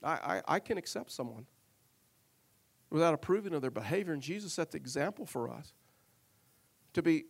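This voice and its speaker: Earnest, fairly high-voiced male pastor. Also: animated, brisk, vocal fry, long pauses. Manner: earnest storytelling with humor, frequent repeated words. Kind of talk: sermon.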